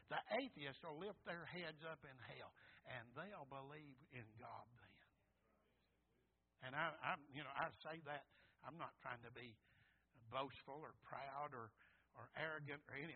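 A man preaching a sermon, moving from hushed, halting storytelling to loud, high cries. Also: breathy edge. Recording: tinny phone-like line.

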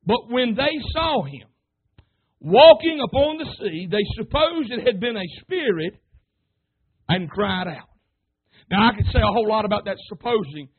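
Preacher guy, high husky voice swinging all over, fired up, sounds like its coming thru a phone. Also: expressive, normal speed. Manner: fervent, rising to shouts, addressing the congregation. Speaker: pastor. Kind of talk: sermon. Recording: tinny phone-like sermon recording.

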